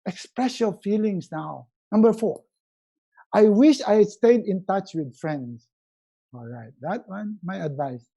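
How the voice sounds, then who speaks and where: A middle-aged man, giving a live motivational webinar talk as a resiliency coach, animated and acting out little quoted scenes. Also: sits high, unhurried, creaky, husky.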